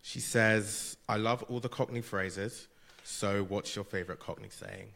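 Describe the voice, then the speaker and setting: A man's voice: on the low side, steady tone, measured pace, creaky, fairly bright tone, big-room sound. A man reading viewers' online questions aloud to a panel.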